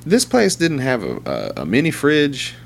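A man's voice: mid-range voice, huge pitch swings, measured pace, creaky, slight background noise. A man telling crude, rambling stories in casual chat, swearing and laughing often. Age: young adult to middle-aged, father of a two-year-old.

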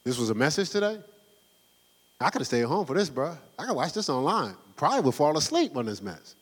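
A man's voice: on the high side, big pitch swings, brisk, slightly rough, long reverb tail, pitched below the performer's own voice. A man putting on the voice of a bored churchgoer who grumbles dismissively about the sermon. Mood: grumbling.

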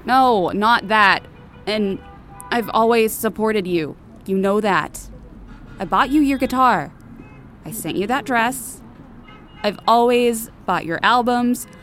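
A woman's voice: a little high, a bit bright, soft background music. A woman doing a jittery, evasive demon mother. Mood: nervous. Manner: hesitant, halting, evasive.

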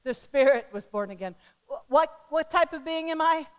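A middle-aged woman preaching a sermon, swinging from loud calls to the crowd down to soft, hushed words. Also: high voice, normal speed. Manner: animated, shifting from loud calls to soft near-whispers.

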